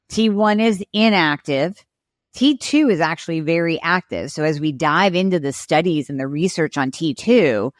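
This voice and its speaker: A woman guest expert on a podcast interview, explaining clearly and acting out little patient and doctor exchanges. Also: sits low, no room sound, clean studio sound.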